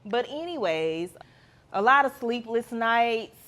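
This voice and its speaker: A woman's voice: on the high side, animated, takes it slowly, a bit bright. A woman, hosting a podcast in a candid, chatty monologue with playful asides. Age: 30s. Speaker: podcast host.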